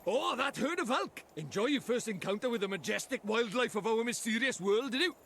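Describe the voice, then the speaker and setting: A man's voice: very high-pitched, expressive, brisk, fairly bright tone, slight background noise, heavily acted. An actor voicing a cocky, chatty little male fairy sidekick in a video game, with a Welsh accent and a cheeky, sing-song, slangy way of talking. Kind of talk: video game cutscene voice acting.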